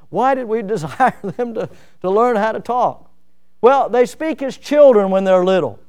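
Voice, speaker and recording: A middle-aged man preaching a sermon in a folksy, animated way, with lots of fillers. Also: sits high, normal speed, smooth. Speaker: pastor.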